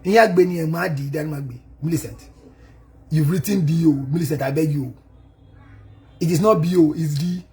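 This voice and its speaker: A man's voice: on the high side, moderate pace, pauses often, a little mellow. A man, a counselor, gives a thank-you and advice speech with emphatic delivery, mixing languages and laughing at his own jokes.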